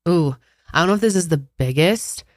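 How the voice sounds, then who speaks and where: A woman's voice: on the low side, expressive, fairly quick, no room sound, clean studio sound. A woman in her twenties with a Boston accent co-hosting a casual podcast, laid-back and agreeable. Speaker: podcast co-host. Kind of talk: casual chat.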